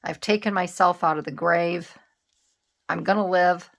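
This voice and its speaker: Middle-aged woman, slightly low voice, chatty craft vlogger who rambles and restarts. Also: steady tone, measured pace, gravelly, a little hiss or hum. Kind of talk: casual chat while crafting.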